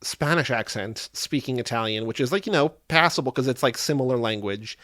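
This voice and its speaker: A man co-hosting a podcast in casual chat, animated and acting out his own reactions. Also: mid-range voice, fairly quick, no echo, studio quality. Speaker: podcast co-host.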